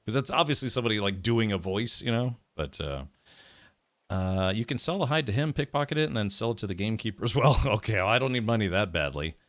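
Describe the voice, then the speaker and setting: A man's voice: fairly low pitch, expressive, quick pace, fairly bright tone. An American man commentating his gameplay live, chatty and rambling with many asides. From United States. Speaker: game streamer.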